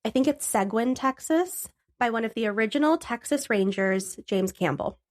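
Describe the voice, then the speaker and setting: A young adult woman with a fairly high voice co-hosts a podcast. She chats loosely and laughs a lot, with the odd curse. She then reads out history notes in a plain, steady way. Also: moderate pace. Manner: laughs often, swears casually. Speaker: podcast co-host. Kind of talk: casual chat, then reading researched history.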